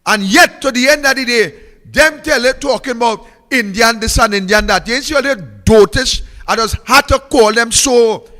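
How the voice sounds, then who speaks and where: A man's voice: very high voice, normal speed, pushed and bright, long reverb tail, soft background music. A Trinidadian man giving a fiery, mocking political speech, repeating phrases for emphasis.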